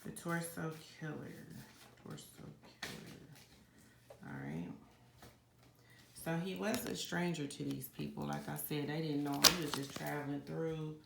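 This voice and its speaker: Gravelly low-voiced woman doing a card reading. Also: moderate pace. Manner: chatty, conversational, addresses viewers directly. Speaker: psychic card reader. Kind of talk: casual reading monologue to viewers. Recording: echoey room with steady background noise.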